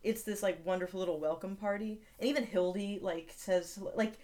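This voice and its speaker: A woman's voice: medium pitch, fairly even intonation, fairly quick, mellow. A woman co-hosting a podcast in casual chat, talking in a chatty way with lots of filler words. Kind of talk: casual chat recapping a TV episode.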